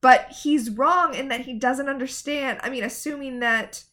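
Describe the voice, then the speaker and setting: A woman co-hosting a show recap in casual chat, with sarcastic, animated asides. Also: high-pitched, normal speed. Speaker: podcast co-host.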